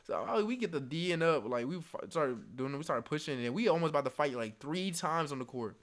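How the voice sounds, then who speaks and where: A man's voice: a little high, animated, brisk. A young man telling a casual story in slang, laughing often and acting out the dialogue. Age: young adult. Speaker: storyteller vlogger.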